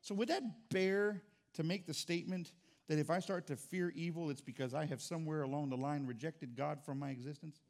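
A middle-aged man preaching a sermon as pastor, with dynamic delivery that swings from quiet to loud. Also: fairly high pitch, creaky.

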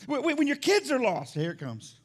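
Loud, high-pitched preaching pastor. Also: male voice, wildly swooping pitch, fairly quick, breathy edge. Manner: loud, swinging between shouting and hushed. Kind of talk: sermon. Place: church sanctuary.

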